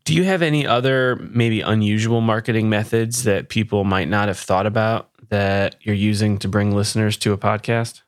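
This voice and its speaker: A man's voice: on the low side, fairly even intonation, moderate pace, few pauses, dry recording, clean studio sound. A man hosting a podcast, asking a guest questions in a casual chat. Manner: brief affirming interjections. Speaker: podcast host.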